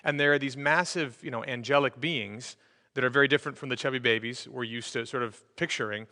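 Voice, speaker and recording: A man's voice: medium pitch, brisk, pushed and bright, long reverb tail. A man preaching a sermon as pastor, in a conversational way with frequent fillers and restarts. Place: church sanctuary.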